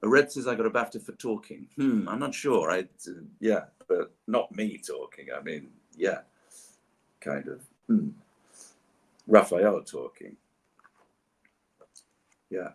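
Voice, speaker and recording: A man with a husky, somewhat low voice chats casually during a livestreamed signing. He talks in a playful, theatrical way and likes to explain things at length. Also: lively intonation, slow pace, long pauses. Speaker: voice actor signing autographs on a livestream. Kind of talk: casual chat while signing. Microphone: livestream setup.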